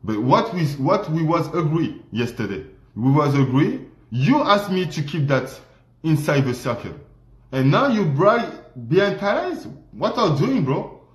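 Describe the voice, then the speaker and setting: A man's voice: fairly high pitch, big pitch swings, a little slow. A man on a livestream speaking emphatic, repetitive, non-native English. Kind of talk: livestream rant. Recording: roomy echo.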